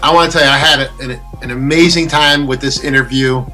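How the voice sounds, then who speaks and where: Bright-voiced male show host. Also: mid-range voice, fast, soft background music. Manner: relaxed, enthusiastic, loose wording with fillers. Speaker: interview host. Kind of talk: casual interview chat. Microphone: remote call from home.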